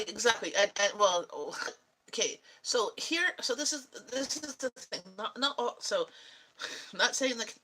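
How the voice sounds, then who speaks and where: A woman with a bright, lively edge to her voice chats casually as a vlogger. She rambles from one thought to the next and laughs often, as if answering viewers over coffee. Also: fairly low pitch, low-quality recording. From Canada.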